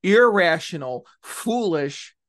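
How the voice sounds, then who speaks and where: High-pitched combative political talker. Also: male voice, expressive, slow pace, a bit bright. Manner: combative, sarcastic, stretches words for emphasis. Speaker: political commentator. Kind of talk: opinionated monologue.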